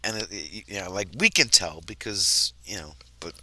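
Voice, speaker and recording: A man's voice: low voice, normal speed, bright, forceful tone. A man from near New York, hosting a casual livestream chat, laughing often and trailing off mid-sentence. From New Jersey, near New York. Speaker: livestream host. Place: RV campground, livestream.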